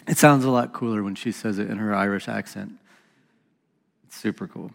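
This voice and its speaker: A man's voice: on the low side, normal speed, creaky, pauses often, big-room sound. A man hosting a reflective Bible study talk, reading scripture passages aloud in an earnest voice with casual asides. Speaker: podcast host teaching on scripture.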